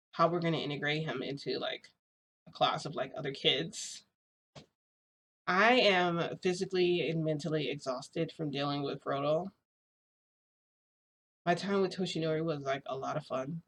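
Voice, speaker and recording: A woman telling a rambling story to her viewers in a casual vlog, full of "like" and small laughs. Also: low voice. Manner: rambling, filler-heavy, frequent "like"; laughs between phrases. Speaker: vlogger.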